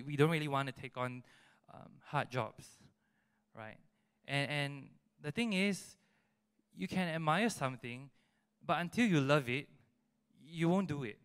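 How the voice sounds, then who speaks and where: Animated Singaporean man preaching, bright voice. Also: a little high, clear, resonant tone. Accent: Singaporean English. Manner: animated preaching with frequent "right?" and "you know" tags. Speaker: youth preacher. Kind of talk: sermon. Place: church service hall.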